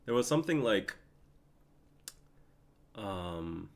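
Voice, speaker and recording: A man's voice: fairly low pitch, big pitch swings, slow. A man, hosting a live stream and talking emotionally to his chat. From Korea. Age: 30s. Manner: emotional, laughing, pleading with chat. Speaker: podcast host.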